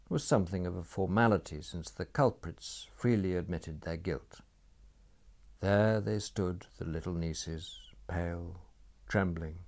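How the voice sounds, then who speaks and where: A man narrating a story in a dry, measured storytelling manner. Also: low voice, vocal fry.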